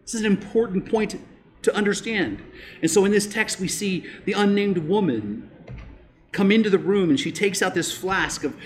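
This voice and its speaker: Guy preaching a sermon, pretty high voice, gets emphatic then goes low and slow. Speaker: pastor.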